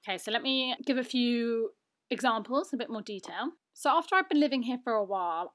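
Casting: young British woman, chatty self-mocking podcast host, a touch high-pitched. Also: a bit bright. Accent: British English. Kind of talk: casual solo podcast monologue.

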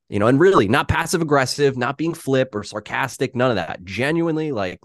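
A man's voice: mid-range voice, animated, a little fast, hardly any pauses, dry recording, studio quality. A man talking candidly on a podcast, self-deprecating and casual, with frequent restarts.

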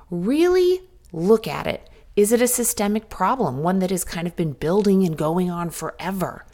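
Middle-aged woman, podcast host, candid coaching talk, very animated pitch. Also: normal speed, few pauses. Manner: candid, direct, coaching the listener. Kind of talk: motivational solo podcast talk.

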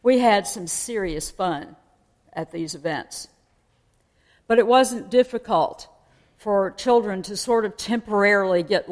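Woman preacher, mid-pitched, chatty explanatory sermon, long reverb of a big hall. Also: darkish tone. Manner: conversational, explaining and asking listeners questions.

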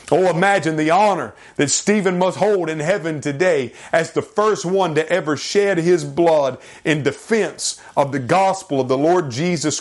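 A man delivering a sermon in an earnest, emphatic preaching manner. His voice sits a little high for a man. He lingers over scripture, reading it with drama. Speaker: pastor.

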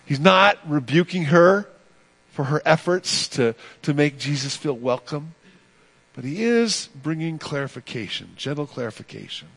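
Delivering an animated sermon at a moderate pace, this pastor has a high, gravelly voice. He preaches with emphasis, repeats phrases, and moves back and forth between loud and quiet stretches.

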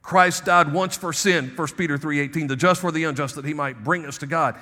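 A man preaches a sermon in a church sanctuary, his voice high and bright. He drops to quiet asides, then presses key phrases with force. A long reverb trails each line. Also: brisk. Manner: preaching, swings between soft asides and emphatic rises. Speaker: pastor.

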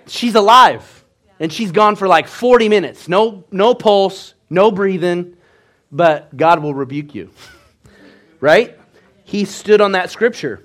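Man, pastor, preaching a sermon, slightly high voice, animated, hushed-to-loud swings.

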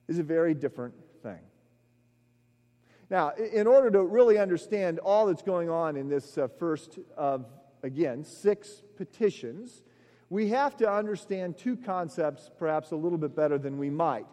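A man's voice: a little high, animated, moderate pace, mellow. A middle-aged man preaching a sermon. He tells stories with frequent "uh" fillers and builds his emphasis as he goes. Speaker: pastor. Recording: long echoey hall reverb.

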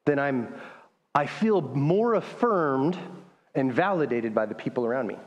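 A man's voice: medium pitch, lively intonation, a little slow. A man preaching a sermon as pastor, talking in a conversational way and reading scripture aloud. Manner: conversational, restarts often, reads scripture aloud. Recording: long hall reverb.

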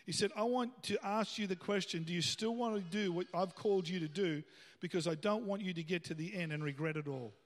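Male pastor, high voice, casual sermon with emphatic peaks, reverberant church hall. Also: a little fast. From Australia. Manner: conversational preaching, rising to emphatic bursts.

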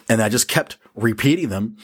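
Podcast guy w a low husky voice, blunt and sweary, pokes fun at himself, casual pep talk. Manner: profane, blunt, self-deprecating. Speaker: podcast host. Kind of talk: casual motivational monologue.

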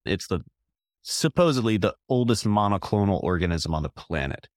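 A man's voice: fairly low pitch, animated, normal speed, dry recording, clean studio sound. A man in his thirties co-hosting a podcast, chatting casually with hesitant, rambling trivia. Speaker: podcast co-host. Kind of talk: casual chat.

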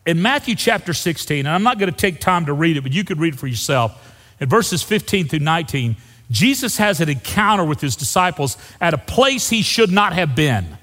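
A man preaches to his congregation with a lively, swooping delivery that sits a little high. He hammers his points, then drops to a hushed low for the key phrases. His voice rings out with the long reverb of a church hall. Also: brisk. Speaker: pastor. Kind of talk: sermon. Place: church sanctuary.

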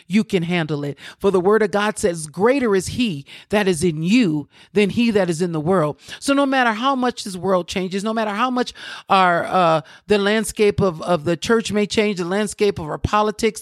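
A woman preaching an encouraging sermon, fervent, often breaking into praise and slowing down to read scripture aloud. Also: on the low side, dry recording, studio quality. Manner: fervent, repeats praise exclamations. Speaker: preacher and podcast host.

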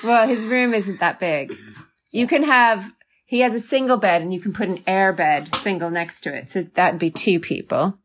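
A woman's voice: mid-range voice, normal speed. A woman hosting a casual family podcast from home, patiently explaining and steering the conversation. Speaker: podcast host, mother.

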